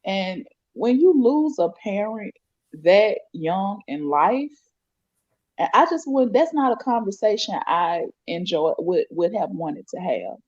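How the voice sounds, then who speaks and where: Halting woman, dull lo-fi audio. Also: mid-range voice, lively intonation, a little mellow. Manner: halting, sympathetic.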